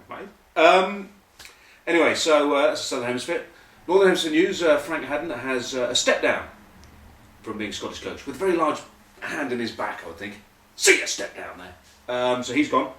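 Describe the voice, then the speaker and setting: A man's voice: medium pitch, sing-song, a little fast, fairly bright tone, far from the mic, slight background noise. Rambling man hosting comic rugby news. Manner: rambling, jokey asides. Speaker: host. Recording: echoey room, voice off-mic.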